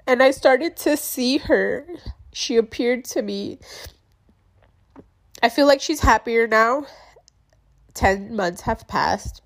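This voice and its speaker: A woman's voice: on the high side, unhurried, vocal fry, long pauses. A young woman talking candidly in a personal vlog, casual and confessional, using "like" and "bro" a lot and swearing freely. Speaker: vlogger.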